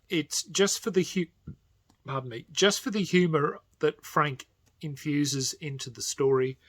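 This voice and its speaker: A man casually recommending audiobooks as a channel host, rambling with many fillers and often trailing off to a quiet, half-whispered voice. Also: fairly high pitch.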